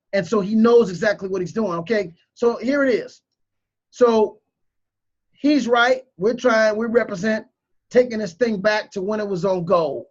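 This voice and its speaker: A man's voice: high voice, highs cut off. A man giving emotional, preachy video commentary, repeating his points with strong emphasis. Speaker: crypto commentator.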